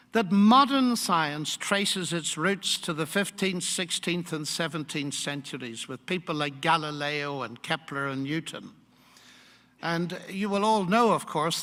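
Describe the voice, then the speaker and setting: A man's voice: sits high, sharp tone. Older man lecturing in a reverberant hall. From United Kingdom. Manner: measured, emphatic, rhetorical questions. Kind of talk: public lecture.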